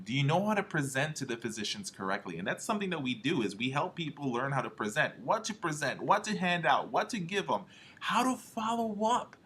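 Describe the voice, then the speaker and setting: A man's voice: medium pitch, bright, forceful tone, breathy edge. A man leading a motivational marketing training talk in an emphatic way, often checking in with "all right?" and "okay?". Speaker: home health marketing trainer.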